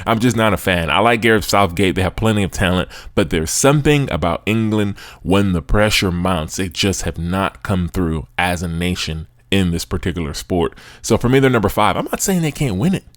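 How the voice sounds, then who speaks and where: A man's voice: low voice, moderate pace, hardly any pauses, no echo, clean studio sound. A man hosting a sports podcast, giving chatty, opinionated commentary with frequent asides to his listeners. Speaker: podcast host.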